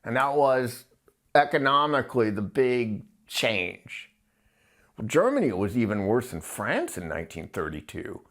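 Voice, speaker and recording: A man in casual podcast talk, rambling and blunt, his voice climbing high when he gets worked up. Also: very animated, unhurried, fairly bright tone. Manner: crude, blunt wording.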